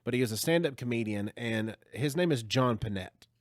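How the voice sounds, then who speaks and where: A man hosting a podcast, retelling a story in casual chat with an animated, rambling manner. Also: mid-range voice, moderate pace, dry recording. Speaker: podcast host.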